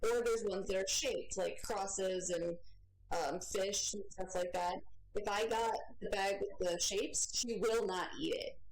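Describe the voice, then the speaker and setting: A woman's voice: mid-range voice, steady tone, measured pace, a little hiss or hum, low-quality recording. A woman chatting casually on a podcast, explaining things in a matter-of-fact way. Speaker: podcast guest. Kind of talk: casual chat.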